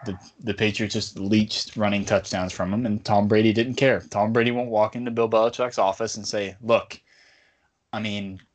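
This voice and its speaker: A man's voice: lowish voice, flat delivery, a little fast, hardly any pauses. A man hosting a casual sports podcast, talking in a rambling, bantering way. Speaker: podcast host.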